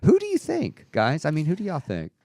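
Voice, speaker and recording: A man hosts a chatty talk show, his voice slightly high and swinging widely in pitch. He is blunt and gossipy and breaks into laughter while reading news items. The sound is close and dry, with no room echo. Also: huge pitch swings, brisk, warm tone. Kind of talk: casual chat.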